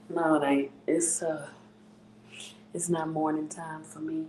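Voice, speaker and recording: A woman's voice: low voice, flat delivery, a little slow, darkish tone, low-quality recording. A woman hosting a casual livestream, greeting viewers by name in a playful drawl. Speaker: livestream host.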